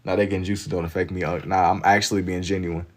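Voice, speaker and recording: Young guy streaming, real low voice, chill slangy banter w chat. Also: flat delivery, fast. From Kentucky. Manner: laid-back slang-heavy banter, reading and answering chat. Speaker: livestreamer. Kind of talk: casual chat with live viewers while drawing.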